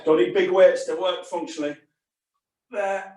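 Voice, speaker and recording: A man's voice: sits high, steady tone, normal speed, dark tone. A male fitness instructor leading a live class, chatty and encouraging, calling short exercise cues. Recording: very echoey room, distant mic.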